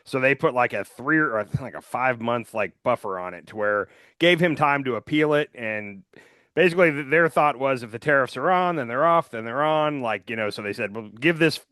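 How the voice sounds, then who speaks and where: A man at mid pitch talks through the news with his co-host, rambling and informal and full of little filler words. The sound is dry and close, with almost no room in it. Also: expressive, a little fast, pushed and bright, dry recording. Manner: loose and rambling, heavy on "like" and "um". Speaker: podcast co-host. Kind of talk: casual political chat.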